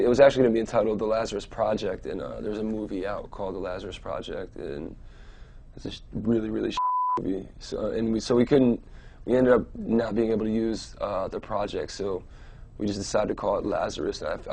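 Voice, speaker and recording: A young adult man answering interview questions casually, rambling and relaxed, with many fillers and restarts. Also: on the low side, vocal fry. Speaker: musician being interviewed.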